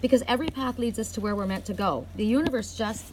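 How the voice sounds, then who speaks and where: Outdoors in the cold, a middle-aged woman gives an oracle card reading, speaking earnestly and emphatically with bursts of excitement. Her voice is fairly high and she talks fast, over a little hiss or hum.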